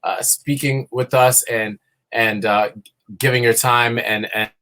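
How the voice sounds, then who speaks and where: A man's voice: mid-range voice, fairly even intonation, a little slow, pushed and bright. A man hosting a livestream event, friendly and rambling, often stumbling and restarting his words. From New York. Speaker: event host.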